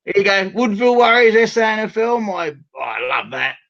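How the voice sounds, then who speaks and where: Rowdy high-voiced Australian man. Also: sing-song, fairly quick, gravelly, dull audio. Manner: loud, rowdy, swears freely. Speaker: show regular. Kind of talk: casual video call chat. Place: bedroom at home.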